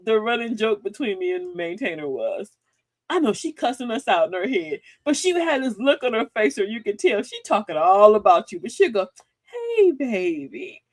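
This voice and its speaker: A woman's voice: mid-range voice, no room sound. A middle-aged woman hosting a casual livestream talk, folksy and sassy, preaching advice and laughing often. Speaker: livestream host.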